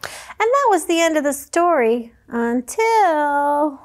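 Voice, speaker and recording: High-voiced woman reading to children. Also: takes it slowly. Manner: animated, gasping, asks the children questions. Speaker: children's librarian. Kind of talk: children's picture-book read-aloud.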